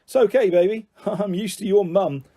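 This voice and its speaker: A man's voice: sits high, normal speed, mellow, husky, voice pushed up. A man doing a bullying mock-jolly dad. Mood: coaxing. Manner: taunting, mock-jovial then harsh. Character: bullying middle-aged father, menacing and sneering.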